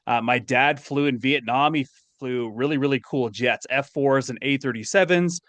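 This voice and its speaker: A man's voice: mid-range voice, moderate pace, fairly bright tone, no room sound. A man who is a guest on a podcast, joining over a remote call, talking casually with wry, self-deprecating humor.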